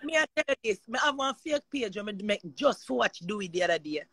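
A woman's voice: mid-range voice, big pitch swings, quick pace, fairly bright tone, slightly rough, no echo. A Jamaican woman talking casually on a live chat, emphatic and rambling.

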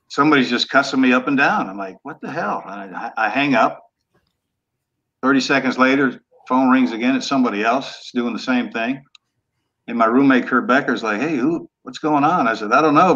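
A man's voice: mid-range voice, fairly bright tone. Older guy telling old football stories, blunt and easygoing, swears a lot, kinda muffled lo-fi sound. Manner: laid-back, blunt, cusses freely. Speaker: guest, former football quarterback. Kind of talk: casual storytelling interview. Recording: dull lo-fi remote audio.

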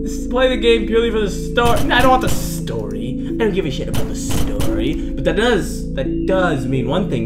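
A man's voice: a little high, sing-song, moderate pace, over loud music. A young man commentating a horror game playthrough, jumpy and swearing, yelping and laughing at the scares. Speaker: gaming video host.

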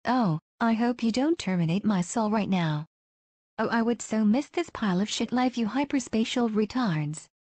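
A foul-mouthed, sarcastic mystic woman speaks in a mid-pitched voice. The recording is dry and close, with no room sound. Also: expressive, moderate pace, darkish tone, no echo. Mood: scornful. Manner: sarcastic, profane, declaiming.

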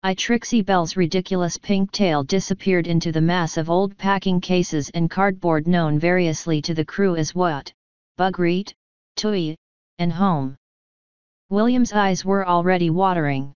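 A woman narrates an audiobook in a slow, measured voice that is very clear and smooth, set fairly low. The recording is dry and close, with a dull, lo-fi top end. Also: steady tone, a little mellow, no room sound. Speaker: audiobook reader.

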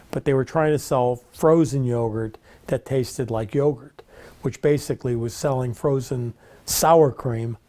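An older man casually telling the story of how he started his business, relaxed and conversational. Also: medium pitch. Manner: relaxed, conversational, rambling with restarts.

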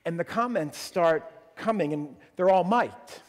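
A man preaching a sermon as pastor, telling a story in an animated way and acting out the quotes. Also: high voice, measured pace, hardly any pauses. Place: church sanctuary. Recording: long church reverb.

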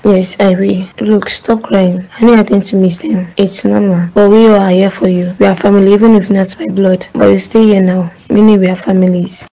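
A woman's voice: mid-range voice, flat delivery, moderate pace, few pauses, dark tone, lightly acted, low-quality recording. A woman as a soothing, reassuring girl. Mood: comforting. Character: comforting young woman, Shelly.

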